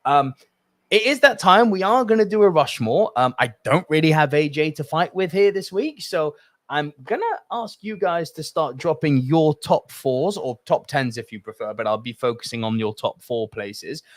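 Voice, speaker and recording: A man's voice: on the high side, moderate pace, no echo. A man hosting a solo podcast, talking passionately and in a rambling way while reading out live chat comments. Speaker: podcast host.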